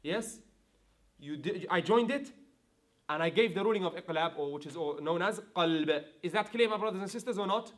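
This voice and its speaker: A man teaching a Quran recitation class, explaining rules, chanting example verses and often asking his students if it is clear. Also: high-pitched, moderate pace, a bit bright. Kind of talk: online tajweed class.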